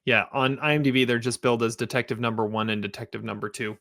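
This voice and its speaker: A man with a gravelly, creaky voice talks through a TV episode with his co-host in a relaxed, joking way. The sound is dry and close, with no room around him. He breaks into laughs and pushes his voice up when quoting scenes. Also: medium pitch, quick pace, dry recording. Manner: relaxed, laughs and quotes lines in a raised voice. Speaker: podcast co-host. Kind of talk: casual TV review chat.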